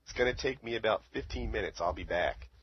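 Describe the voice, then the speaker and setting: A man's voice: on the low side, quick pace, breathy edge. A man telling a long story in casual chat, rambling with lots of fillers. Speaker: podcast co-host. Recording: dull lo-fi audio.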